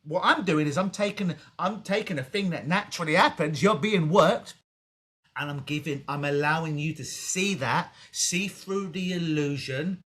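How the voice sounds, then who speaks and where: A man's voice: fairly high pitch, moderate pace. A man who is a clinical hypnotist, talking casually on a podcast interview over a video call and acting out the voices of people he quotes. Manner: animated storytelling, acts out quoted voices.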